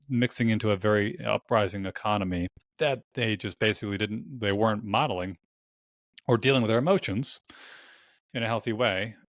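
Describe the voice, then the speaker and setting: A young man hosts a podcast in a lowish voice, thinking out loud in a loose, rambling way that leans heavily on "like." The sound is dry and close, with no room around him. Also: no echo. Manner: casual and rambling, heavy use of "like". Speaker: podcast host. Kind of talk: conversational podcast interview.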